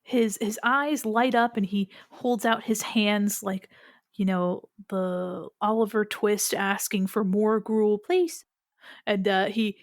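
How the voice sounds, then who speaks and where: A woman's voice: medium pitch, dry recording, clean studio sound. A woman narrating a tabletop game as game master, playful and rambling.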